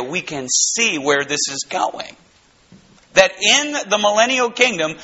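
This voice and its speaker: A pastor teaching verse by verse from the Bible, going from emphatic to hushed. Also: male voice, on the high side, breathy edge. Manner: animated, swings from emphatic to hushed. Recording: dull lo-fi recording.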